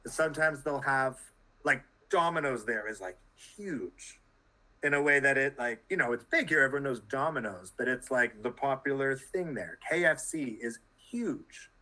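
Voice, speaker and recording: A man talking as a guest on a conversational podcast, animated and full of quick asides. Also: medium pitch, low-quality recording. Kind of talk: casual conversation.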